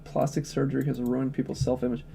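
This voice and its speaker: A man's voice: medium pitch, flat delivery, fast talker, gravelly, warm tone, slight background noise. A man chatting casually on a livestream, blunt, opinionated and profane, answering chat questions.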